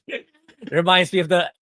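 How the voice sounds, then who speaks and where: A man's voice: high-pitched, flat delivery, a little slow, pushed and bright, no room sound. A man co-hosting a casual podcast, chatting about shows with frequent laughs and repeated words. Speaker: podcast co-host. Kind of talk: casual chat.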